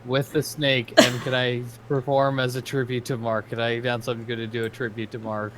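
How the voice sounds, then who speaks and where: A player in a tabletop game over voice chat, excitable and prone to loud outbursts. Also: mid-range voice, moderate pace, a crowd in the background.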